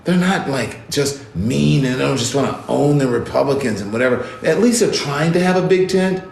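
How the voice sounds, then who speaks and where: A man's voice: mid-range voice, expressive, moderate pace, gravelly, a little mellow, a little hiss or hum. A man giving casual, emphatic commentary as host of his own show, indignant and repeating words for stress. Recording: roomy echo.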